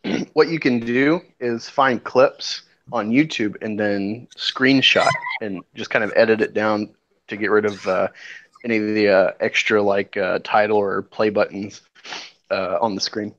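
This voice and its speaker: A man's voice: lowish voice, fairly even intonation, a little slow, a bit bright. A man on a podcast panel, chatting in a laid-back way with hesitant fillers. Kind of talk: casual chat. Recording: dull lo-fi mic.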